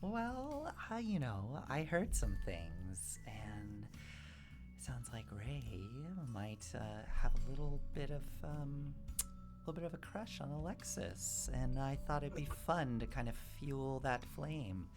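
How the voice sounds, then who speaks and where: A woman playing a very low-voiced scheming cheerleader. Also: very animated, slow, over music, exaggerated voice. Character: confident teenage girl cheerleader, popular and scheming.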